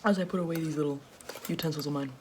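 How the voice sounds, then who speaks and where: A young woman voicing a greedy, cruel billionaire boss man in a comic whispered role-play, with a put-on deeper, soft, whispery voice and a smug, mocking manner. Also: fairly even intonation, racing, background noise, lightly acted. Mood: boastful.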